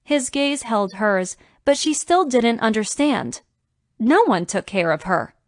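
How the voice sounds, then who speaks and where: Female audiobook narrator, romance, steady even delivery, dry close studio mic. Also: fairly high pitch, measured pace, no echo.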